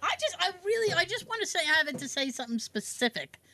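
A woman's voice: very high-pitched, sing-song, fast, bright, forceful tone. A woman co-hosting a podcast from her basement, chatting casually, playful and sarcastic, laughing often. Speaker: podcast co-host. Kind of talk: casual chat.

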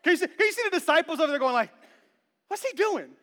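Racing through his words, a thirtysomething male pastor delivers an animated, playful sermon in a very bright, very high voice. His delivery jumps from hushed tones to shouts, with lengthy church reverb after every phrase.

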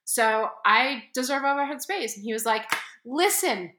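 A woman co-hosting a podcast, telling a story in a casual, animated way and acting out the people in it. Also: fairly high pitch, unhurried, echoey room. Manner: animated, quotes people with exaggerated voices. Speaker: podcast co-host.

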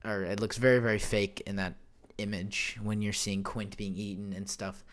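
Young male solo podcast host, lowish voice, loose and rambling, lots of ums and restarts, desk mic at home. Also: little pitch movement, normal speed, fairly bright tone. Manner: rambling, many fillers and self-corrections. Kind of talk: casual solo podcast chat. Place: home room. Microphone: desk microphone.

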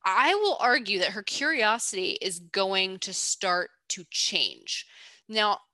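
A woman with a bright, forceful voice talks through a character analysis in casual podcast chat, playful and a little teasing. The sound is dry and close, with no room around it. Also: mid-range voice, expressive, slow, dry recording. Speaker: podcast co-host.

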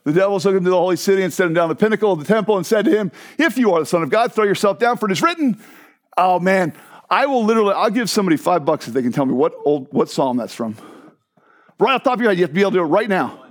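A man preaching a sermon to his church, conversational and animated, with asides to the congregation. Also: high voice, racing. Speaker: pastor. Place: church sanctuary.

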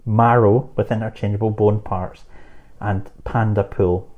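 A man's voice: fairly low pitch, fairly even intonation, narrow, tinny audio. A man co-hosting a casual chat, joking and laughing as he reads out listener emails. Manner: laughing, joking, quick asides. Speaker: podcast co-host.

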